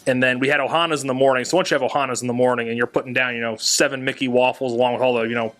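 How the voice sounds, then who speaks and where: A young man telling a family trip story on a casual podcast, animated and laughing at himself. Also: medium pitch, racing.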